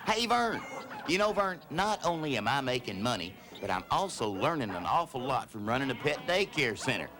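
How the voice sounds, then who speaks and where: A man in a comedy sketch, talking in a goofy, excitable way to a friend. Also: medium pitch, moderate pace. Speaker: comic lead character.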